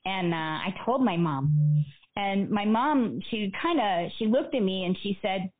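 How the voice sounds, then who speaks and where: An earnest woman speaker tells a personal story with animated energy. Her voice sits in an ordinary middle register. The sound is narrow and phone-like, as if it came through a call. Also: mid-range voice, unhurried. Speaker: guest, motivational speaker.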